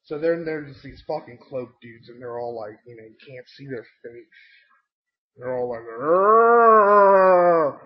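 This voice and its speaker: A young man recapping a tabletop game session, excitable and swearing constantly as he tells the story. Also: medium pitch, normal speed. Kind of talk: profane storytelling rant. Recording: dull lo-fi home mic.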